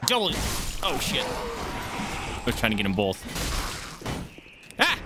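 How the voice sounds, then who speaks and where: A young man giving live commentary as he plays a game, reacting loudly and swearing often, yelping when startled. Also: high voice, huge pitch swings, slow, long pauses, over music. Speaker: streamer playing a game.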